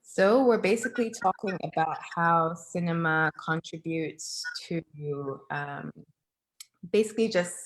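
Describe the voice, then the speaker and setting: A young woman hosting an online talk over a video call, speaking in a friendly way with many pauses. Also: deep voice, low-quality recording. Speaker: host.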